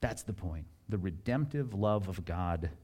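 A male pastor delivering a sermon, reading verses aloud and stopping to comment on them. His voice swings between excited, raised asides and hushed, low readings. He chuckles now and then as he talks. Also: moderate pace, breathy edge. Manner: drops to soft, low voice for tender lines.

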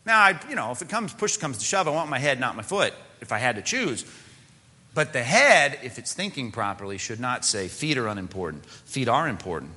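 Male pastor, animated and bright, chatty sermon delivery with rhetorical questions, long church reverb. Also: brisk. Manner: conversational preaching with asides and rhetorical questions; mimics whining body parts in a high voice.

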